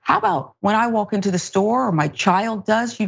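A woman's voice: mid-range voice, normal speed, vocal fry, slightly rough, highs cut off. A woman hosting a news talk show, giving indignant, emphatic commentary on video clips. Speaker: host.

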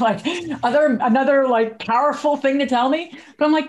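A woman's voice: a little high, brisk, darkish tone. A woman co-hosting a podcast in casual chat, chatty and full of fillers, laughing as she talks. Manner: chatty, many likes, laughs while talking. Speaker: podcast co-host.

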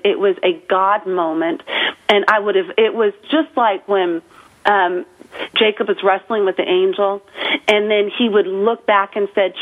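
A middle-aged woman, a guest author, giving an emotional personal testimony on a radio call-in, acting out her own thoughts as she goes. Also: medium pitch. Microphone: telephone. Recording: tinny phone line.

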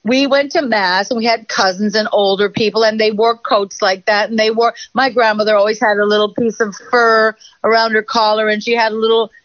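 A woman's voice: medium pitch, no echo. A woman comedian guest telling rambling stories in casual interview chat. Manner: rambling, animated storyteller. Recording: dull lo-fi recording.

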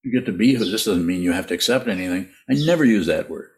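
A low-voiced man teaching meditation in an unhurried, halting way. He often restarts and repeats words, and breaks into laughs as he answers listener questions. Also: animated.

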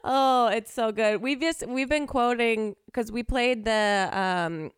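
A woman co-hosting a podcast in casual, enthusiastic chat, quick to laugh. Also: fairly high pitch, noisy background. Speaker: podcast co-host.

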